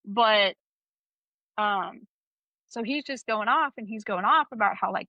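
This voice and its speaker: A woman's voice: mid-range voice, moderate pace, pushed and bright, no room sound. A young adult woman co-hosting a podcast and telling a candid, profane story in casual chat. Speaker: podcast co-host. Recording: slightly dull, dry sound.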